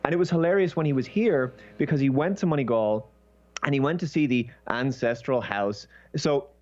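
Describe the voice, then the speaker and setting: A man with an Irish accent, a guest telling stories in an animated, casual way. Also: mid-range voice, moderate pace, lo-fi sound. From Ireland.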